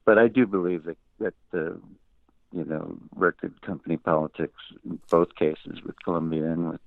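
Older male musician guest, deep-voiced, wry anecdotal storyteller, heard over a tinny, dry remote line. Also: steady tone, moderate pace, creaky, no room sound. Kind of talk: interview storytelling.

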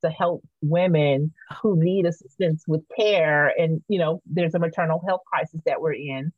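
A woman guest in a podcast interview, telling a lively story and acting out the voices of the people in it. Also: low voice, moderate pace, no room sound. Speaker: guest, artist and activist. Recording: thin, phone-like sound.

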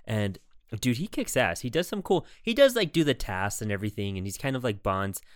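A man with a low voice chats loosely as a podcast co-host. He rambles, piling on fillers as he goes. The sound is close and dry, with no room around it. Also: big pitch swings, brisk, no room sound. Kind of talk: casual chat.

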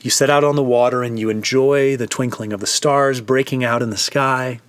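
A man's voice: medium pitch, fairly even intonation, normal speed, clean tone, dry recording. A man, a preacher, leading listeners through a vivid, immersive devotional retelling of a story.

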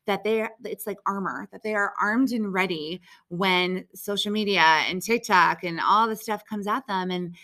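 A woman's voice: mid-range voice, normal speed, hardly any pauses, pushed and bright. A woman guest on a podcast, a storytelling show director, talking casually in long reflective thoughts. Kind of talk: casual conversation.

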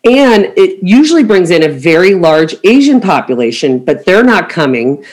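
A woman's voice: on the low side, sing-song, normal speed, a little mellow. Casting: middle-aged woman, podcast host, chatty storyteller who acts out every quote. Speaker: podcast host, travel agent. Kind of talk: casual chat.

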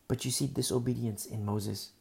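A man's voice: mid-range voice, fairly even intonation, normal speed, creaky, darkish tone. A man preaching a sermon, teaching through a Bible passage and repeating key phrases for emphasis. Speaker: pastor.

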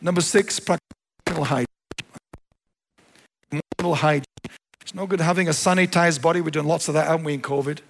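A pastor preaching a sermon, animated, dropping to quiet low asides and then rising to emphatic lines. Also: male voice, fairly quick, gravelly, long pauses, background noise. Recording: long hall reverb.

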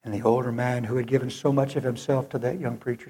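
A man's voice: mid-range voice, level tone, mellow, slight background noise. A male preacher delivering an earnest sermon that rises to fervent moments. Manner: slow, earnest, rising to fervent.

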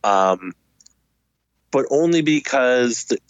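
A man's voice: medium pitch, expressive, slow, no echo, highs cut off. A man co-hosting a podcast in casual chat, giving short reactions and wry asides. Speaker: podcast co-host.

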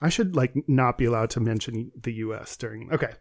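A man's voice: mid-range voice, a little fast, no room sound. A man co-hosting a podcast in a studio, chatting in a jokey, rambling, self-deprecating way. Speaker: podcast co-host. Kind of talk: casual chat.

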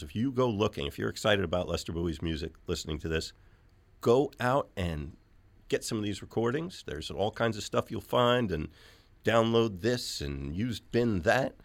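A man's voice: lowish voice, dry recording. A man hosting a radio music show, talking casually with many fillers. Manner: loose, chatty, many fillers. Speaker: radio host. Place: radio studio.

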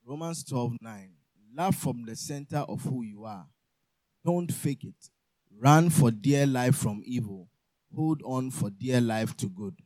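A man reads a scripture passage aloud, slow and measured. His voice is mellow, and the sound is dry. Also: medium pitch, expressive, no room sound, rough recording. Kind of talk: scripture reading.

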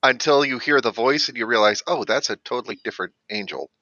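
A man playing a tabletop game, telling his take in an animated, storytelling way. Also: medium pitch, fast talker, no room sound, muffled recording. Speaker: player. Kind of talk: casual tabletop game chat.

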